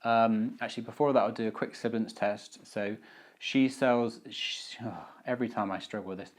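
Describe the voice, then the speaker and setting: A man's voice: on the low side, fairly even intonation, moderate pace, fairly bright tone. A man casually talking through a microphone test, self-deprecating and rambling, with plenty of fillers and restarts. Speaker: video maker testing microphones. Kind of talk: casual, unscripted equipment walkthrough. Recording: roomy, echoey indoor recording.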